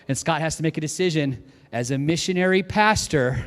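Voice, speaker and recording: Male pastor, slightly higher voice, lively storyteller, recorded in a big echoing sanctuary. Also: a little fast. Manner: animated, lively storytelling with acted-out quotes. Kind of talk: storytelling sermon. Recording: long hall reverb.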